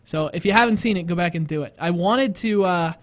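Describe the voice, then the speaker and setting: A man with a high-pitched voice hosts a casual live stream. He rambles through his stories with plenty of self-mockery and quick laughter. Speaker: host. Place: studio.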